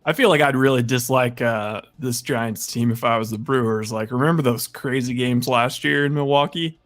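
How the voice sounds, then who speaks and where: A man's voice: medium pitch, normal speed. A man co-hosting a casual baseball talk show, answering in short conversational remarks. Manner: brief, conversational reactions. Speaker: co-host. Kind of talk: casual sports chat.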